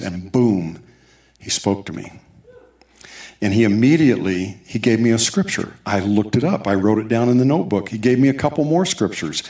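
Low-voiced man preaching in an echoey hall. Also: animated, moderate pace, darkish tone. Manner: storytelling with asides and quoted dialogue. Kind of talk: sermon testimony. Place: church sanctuary.

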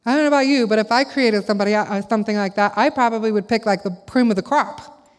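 A woman's voice: on the high side, quick pace. A woman telling a candid family story in a sermon, acting out her own lines as she preaches to a church. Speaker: speaker at a church service. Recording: long hall reverb.

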